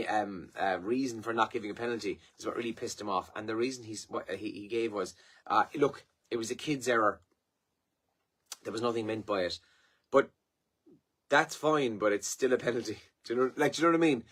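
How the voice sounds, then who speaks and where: A slightly rough, medium-pitched, somewhat bright voice belongs to an Irish radio host on a live morning show. Tired and yawning, he gives a casual review of the papers and sport, leaning heavily on fillers.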